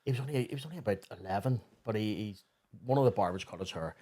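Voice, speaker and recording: A man with a Belfast accent, a barber and podcast guest, telling animated anecdotes and swearing freely. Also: lowish voice, racing, husky. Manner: animated anecdotes, swears freely, quotes people in raised voices. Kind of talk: casual storytelling chat.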